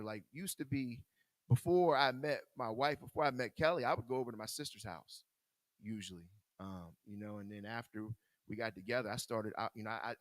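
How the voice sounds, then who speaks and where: A man's voice: medium pitch, a bit bright, no echo. A man telling a personal recovery story to a group in a casual, candid way. He laughs often and repeats words while he searches for what to say. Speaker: speaker in recovery sharing his story.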